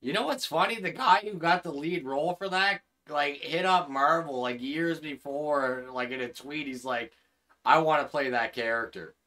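Bright-voiced man ranting on a livestream. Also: on the high side, moderate pace, hardly any pauses. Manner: profane, heated ranting. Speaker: gaming livestream host. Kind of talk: casual livestream chat.

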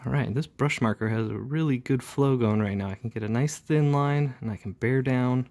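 A man's voice: medium pitch, moderate pace, a little mellow. A man who inks comics, chatting casually as he demonstrates inking step by step, with frequent fillers. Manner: casual, talks while working, with fillers. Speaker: comic book inker. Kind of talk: relaxed ink-along tutorial narration.

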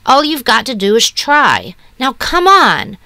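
A woman's voice: fairly high pitch, wildly swooping pitch, a little slow, sharp tone, no echo, voice pushed up, exaggerated voice. A woman voicing a bossy, impatient older boy who talks sharply and makes demands. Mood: insistent.

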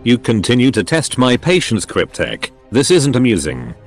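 A man's voice: medium pitch, huge pitch swings, moderate pace, soft background music. A man's synthetic voice reading the lines of a cold, scolding female necron executioner who hisses her words. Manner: hissing, scolding.

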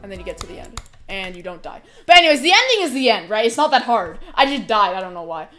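A woman's voice: medium pitch, sing-song, quick pace, loud music behind the voice. A young woman streaming a game, chatting casually and talking through her run. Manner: chatty, bursts into squealing protests and laughter. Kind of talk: casual live-stream commentary while playing.

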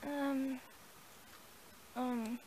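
A woman's voice: high-pitched, fairly even intonation, very slow, darkish tone, a little hiss or hum. A woman acting out every part of a homemade horse stable story, with hesitant fillers. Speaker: toy horse story creator.

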